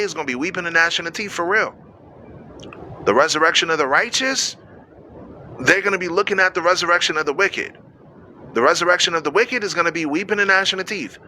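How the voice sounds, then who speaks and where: A man's voice: a little high, pushed and bright, a little hiss or hum. A man preaching on a radio show, reading scripture and explaining it in a casual, slangy way, acting out quoted voices and speaking straight to his listeners.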